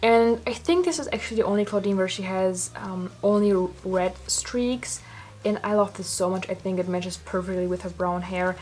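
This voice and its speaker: A woman's voice: mid-range voice, normal speed, darkish tone. A young woman gushing and swearing casually as she reviews dolls in a casual vlog. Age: young adult. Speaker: doll collector vlogger.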